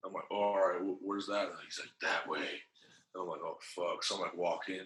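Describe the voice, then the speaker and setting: Animated profane man telling stories. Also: low-pitched, fairly quick, reverberant, low-quality recording. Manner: animated, profane, slangy storytelling with acted-out quotes. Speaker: podcast guest. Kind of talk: casual storytelling.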